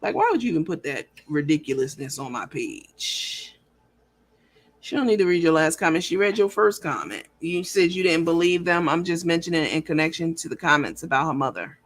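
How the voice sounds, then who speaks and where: A woman hosts a casual livestream, reading viewer comments aloud and talking in a blunt, profane, rambling way that's animated and lively. She has a low voice and a fairly quick pace.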